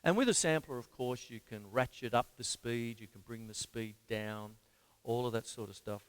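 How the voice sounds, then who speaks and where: An Australian man gives a drum lesson on a live stream, chatting easily and calling out the count while he plays the kit. His voice is smooth and medium-pitched, at a normal speed.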